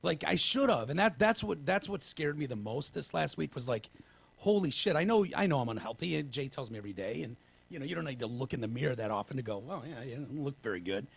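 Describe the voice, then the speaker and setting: A man with a medium-pitched, creaky, slightly rough voice talks fast with lively intonation. He hosts a casual podcast and tells long, rambling stories, swearing freely and restarting often, sounding winded as he recovers from pneumonia.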